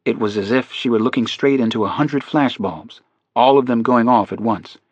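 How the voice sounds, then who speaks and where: A man narrating a crime thriller audiobook in a steady, measured delivery. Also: mid-range voice, breathy edge, dry recording, dull audio.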